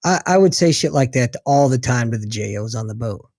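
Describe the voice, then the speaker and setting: Blunt, lively-voiced man. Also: mid-range voice, fairly quick, no echo, studio quality. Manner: blunt, profane, expressive. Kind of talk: casual storytelling chat.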